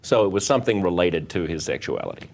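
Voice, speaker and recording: A man's voice: low voice, wildly swooping pitch, fast, creaky, a little mellow. A man hosting a talk show, interviewing a guest in a conversational way.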